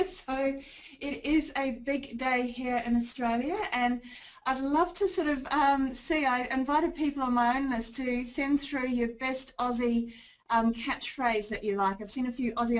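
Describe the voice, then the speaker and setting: A woman with a New Zealand accent leads a webinar in a chatty, upbeat way. Her voice sits fairly high. She talks like a consulting trainer. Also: measured pace, rough recording. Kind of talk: webinar presentation.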